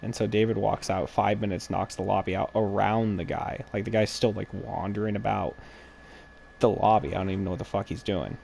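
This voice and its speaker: A man's voice: fairly low pitch, fairly even intonation, a little fast, vocal fry, a little mellow, a little hiss or hum. A man streaming a game while chatting, telling a long, rambling, profane story in an exasperated, casual way.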